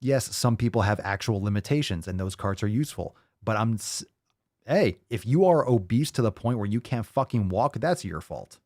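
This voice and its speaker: Profane sarcastic man ranting, low and dry. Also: lively intonation, normal speed, darkish tone, dry recording. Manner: profane, sarcastic, mocking voices. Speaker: host. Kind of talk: ranting commentary.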